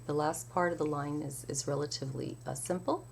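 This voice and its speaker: A woman teaching the recitation of French poetry, explaining each rule with slow, careful enunciation. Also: low-pitched, fairly even intonation, vocal fry, slight background noise. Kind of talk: spoken lesson with recitation.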